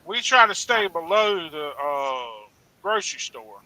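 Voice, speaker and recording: A man who raises hogs, talking in a halting, plain-spoken way. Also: on the high side, big pitch swings, sharp tone, low-quality recording. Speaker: hog farmer guest. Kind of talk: casual chat.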